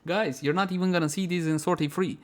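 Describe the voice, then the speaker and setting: A man talks viewers through a video game guide in a slightly raised voice. He is chatty and animated, calls his audience his friends, and pokes fun at himself along the way. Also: a little high, fast. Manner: chatty and self-mocking, often breaking into laughter. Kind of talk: voice-over gameplay guide.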